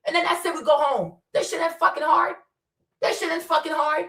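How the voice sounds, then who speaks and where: A woman delivers impassioned, blunt, profane commentary, firing off rhetorical questions. Her very high voice is steady in tone, fairly quick, and fairly bright. She sits far from the mic of a streaming setup, so the sound is roomy.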